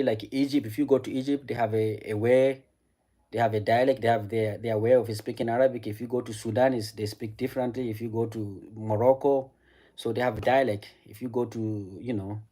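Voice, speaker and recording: A man's voice: medium pitch, steady tone, a little fast, warm tone. A man whose first language is French, chatting casually with his live-stream audience, often repeating words and restarting sentences. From French-speaking African country. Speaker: streamer answering chat.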